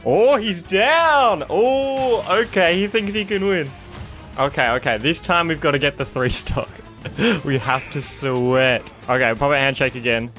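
A young man giving excitable live gameplay commentary, laughing often and shouting at big moments. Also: on the high side, measured pace, faint music behind. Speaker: gaming YouTuber.

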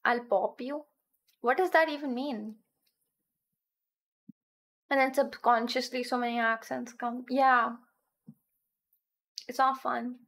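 A young woman from India talks in a high, bright voice, with an Indian English accent that keeps sliding toward American. Her stream chat is loose, slangy and full of giggles. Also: fairly even intonation, slow, creaky, pauses often. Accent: Indian English, shifting toward American. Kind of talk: casual chat.

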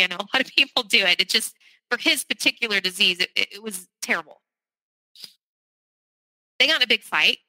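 A woman's voice: medium pitch, pushed and bright, no room sound, poor audio. A middle-aged woman from the South, a podcast guest candidly and urgently recounting a personal story. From American South.

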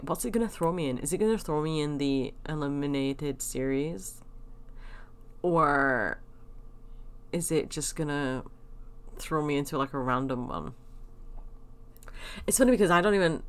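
A young woman casually chatting and rambling through gameplay commentary as a gaming channel host, with sudden excited squeals. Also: deep voice, normal speed.

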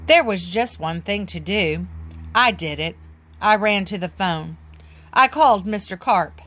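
A woman reading a children's book aloud in an expressive, sing-song way. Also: medium pitch, a little slow. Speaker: storybook reader.

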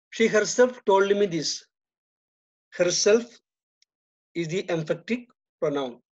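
A man with an Indian English accent works slowly through a grammar exercise. He reads each sentence and then drops his voice to give the answer. The recording is dull and lo-fi. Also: high-pitched. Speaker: teacher. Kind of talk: slow, deliberate grammar lesson.

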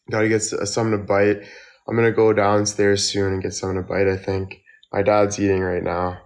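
A young man chatting casually on a phone livestream, tired and tipsy from drinking, rambling slowly with lots of fillers. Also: lowish voice, little pitch movement. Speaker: model and livestreamer.

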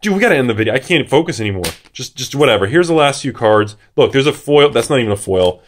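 A young man giving excitable unboxing commentary, swearing and shouting in disbelief. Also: medium pitch, fast talker, a little hiss or hum. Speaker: card box opener.

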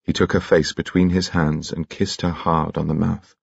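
A man narrates in a calm, measured, quietly dramatic manner, his voice very deep and gravelly. The sound is close and dry. A faint lo-fi dullness sits over the recording. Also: no echo. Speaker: audiobook narrator. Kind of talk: scripted narration.

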